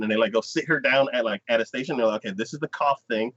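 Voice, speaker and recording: A man retelling anime scenes on a casual podcast, his pitch leaping around as he acts out each character. His voice is bright and forward, and the recording is dull and lo-fi. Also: fairly quick. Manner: animated storyteller acting out scenes, frequent "like". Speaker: podcast co-host. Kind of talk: casual anime review chat.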